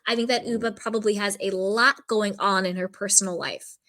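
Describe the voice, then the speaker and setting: A woman's voice: mid-range voice, steady tone, brisk, bright, forceful tone. A woman commenting on a reality show in casual, candid speech, peppered with "like" and frank opinions. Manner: candid, opinionated, lots of "like" fillers.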